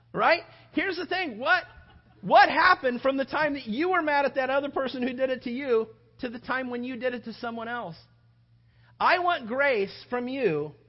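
A man's voice: very high-pitched, highs cut off. A male pastor preaching a sermon, acting out everyday scenes with playful shifting voices. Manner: animated, acts out little scenes with shifting voices.

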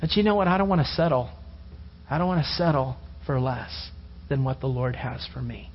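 Male pastor, sermon, animated storytelling, rhetorical questions, muffled lo-fi recording. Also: mid-range voice, a little fast, a little hiss or hum.

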